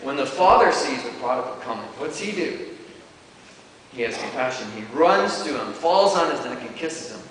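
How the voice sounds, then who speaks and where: Preacher far off in an echoey church. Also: male voice, medium pitch, animated, moderate pace, fairly bright tone. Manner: conversational, with many fillers and self-corrections. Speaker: pastor. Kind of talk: sermon. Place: church hall. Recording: distant, echoey church hall with hiss.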